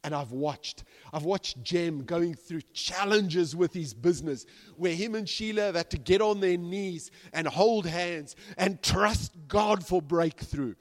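A man preaching a sermon as pastor, swinging from hushed to loud and acting out the people in his stories. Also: sits high, unhurried, hardly any pauses. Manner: animated, swings from hushed to loud, acts out quoted characters. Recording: long reverb of a large hall.

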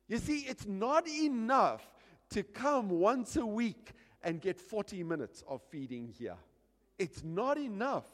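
A man preaching a sermon as pastor, animated, dropping quiet and then shouting, acting out little scenes. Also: high voice, in a large hall.

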